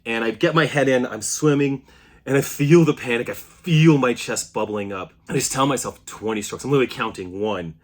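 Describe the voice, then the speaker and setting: A man in his thirties telling a story to camera in a casual, animated way, often restarting his sentences. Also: medium pitch, a little fast. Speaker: CrossFit athlete vlogger.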